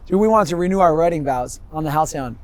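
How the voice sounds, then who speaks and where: A man in his fifties telling his story in a rambling, animated way on an outdoor street interview, laughing often. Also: a little high, fast. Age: 50s.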